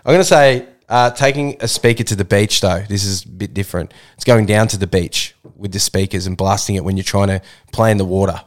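A man's voice: on the low side, fairly quick, hardly any pauses. An Australian man in his thirties co-hosting a podcast, dry and teasing, reading out topics in casual banter. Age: 30s. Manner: dry, teasing, laughs often, reads out the list. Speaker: podcast co-host.

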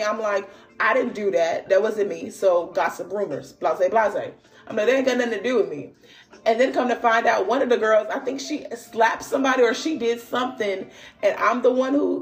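A young woman hosting a spiritual podcast, telling a dream story with lots of slang and laughter, then reading cards. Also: mid-range voice. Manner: animated, laughing, slangy, exclaims often. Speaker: podcast host and spiritual reader. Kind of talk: casual storytelling and card reading.

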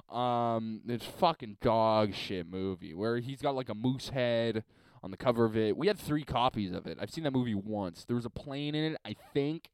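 A young adult man hosts a podcast alone in a basement, rambling through profane, self-deprecating comedic stories. His mid-range voice is clear and resonant with lively intonation and a moderate pace, recorded with no room sound.

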